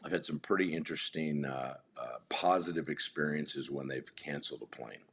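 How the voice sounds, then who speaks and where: A man's voice: rumbling low, moderate pace, a bit bright, slightly rough. A man telling long rambling anecdotes in casual chat as a podcast guest, with frequent restarts.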